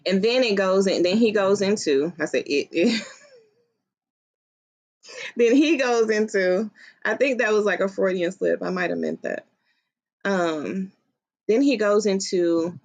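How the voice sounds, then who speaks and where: A woman's voice: mid-range voice, a little slow, long pauses, darkish tone. A woman telling her story to viewers, explaining in a reflective, conversational way. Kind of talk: storytime commentary on a recording.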